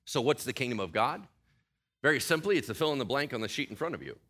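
A man's voice: mid-range voice, very animated, fast talker, sharp tone. A middle-aged man preaching a sermon in a conversational way, often asking the congregation questions. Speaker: pastor.

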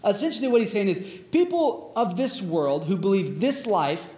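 A man's voice: sits high, animated, moderate pace, mellow. A man preaching a sermon in a casual, conversational way, retelling a story with plenty of fillers. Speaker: pastor. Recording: echoey room.

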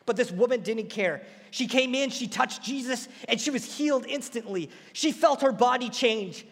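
A man preaching a sermon, retelling a story with lively, acted-out quotes. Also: very high-pitched, normal speed, big-room sound.

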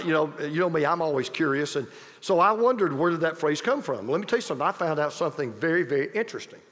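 A man with a high voice delivers a sermon, his pitch swinging widely as he presses each point. He repeats key phrases for emphasis and drops into chatty asides to his listeners. The sound carries a long reverb from a large church hall. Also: a bit bright. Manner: emphatic and repetitive, with conversational asides to the congregation. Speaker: pastor.

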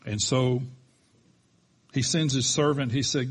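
A man preaching a sermon as a pastor, telling the story with animated delivery and acting out the quoted lines. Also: mid-range voice, slow, long pauses, slightly rough.

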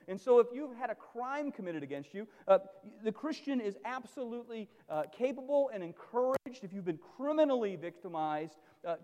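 A man's voice: darkish tone, big-room sound. A male pastor preaching a sermon with emphatic, dramatic delivery. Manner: emphatic preaching with dramatic swings in pitch and volume.

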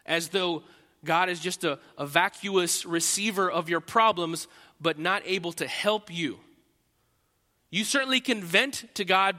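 A man, a pastor, preaching a sermon, swinging from loud emphatic lines to quiet, intimate asides. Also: high voice. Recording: long reverb of a large hall.

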